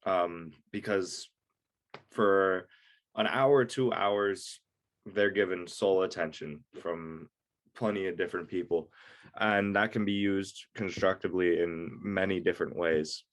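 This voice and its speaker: Deep-voiced young man with a stuffy nose. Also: fairly even intonation, measured pace. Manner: hesitant, with frequent ums and uhs. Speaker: co-host. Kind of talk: casual chat.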